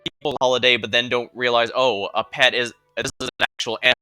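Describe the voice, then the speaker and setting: A male streamer talking casually into a close desk mic. His voice is bright and forceful, his tone is chatty and explanatory, and he often restarts his sentences. The sound is dry, with faint music underneath. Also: medium pitch, fairly even intonation, quick pace, clean tone, dry recording. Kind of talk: casual commentary between game story readings.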